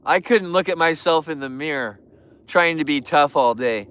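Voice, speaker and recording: A man's voice: fairly high pitch, normal speed, a bit bright, smooth. A man hosting a casual livestream, chatting and joking in a goofy, youthful-sounding voice. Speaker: livestream host.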